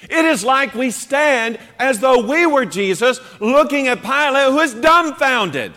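A man preaching a sermon in an animated, emphatic way, acting out quoted voices as he goes. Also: very high voice, a little slow. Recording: long hall reverb.

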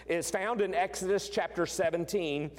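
A man's voice: high voice, normal speed. A man preaching a sermon as pastor, earnest, repeating key words for emphasis and often restarting his phrases. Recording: long hall reverb.

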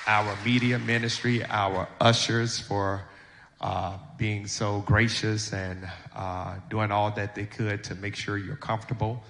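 Low flat-voiced man in a reverberant church. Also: creaky, a faint crowd. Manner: unhurried, with pauses and fillers. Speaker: church officiant. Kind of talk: funeral service acknowledgements.

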